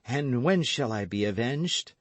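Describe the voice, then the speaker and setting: A man reading an audiobook voices a cold, scheming noblewoman who coaxes and commands, in a soft, measured way. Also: mid-range voice, lively intonation, no echo, voice pushed up, natural voice.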